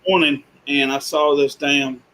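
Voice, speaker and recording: A man's voice: on the high side, flat delivery, unhurried, sharp tone, rough recording. Blunt folksy man in casual chat. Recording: faint ambient noise.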